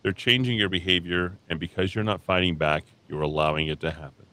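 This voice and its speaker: A man's voice: sits low, fairly quick. A tired man hosting a talk radio show, ranting bluntly and combatively about politics. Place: radio studio. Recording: steady keyboard typing and clicks behind.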